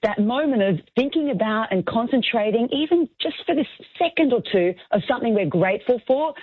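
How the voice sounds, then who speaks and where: A woman's voice: fairly high pitch, animated, a little fast, breathy edge, dry recording. An author and speaker, a woman, talking in an earnest, encouraging way as a radio interview guest. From Australia. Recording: tinny phone line.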